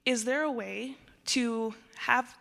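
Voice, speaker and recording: A young woman with a bright, clear voice stands up in the audience to put a question to the speaker. She speaks politely and earnestly, with a few small hesitations. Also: on the high side, slow. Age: young adult. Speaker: audience member asking a question. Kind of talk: conference Q&A.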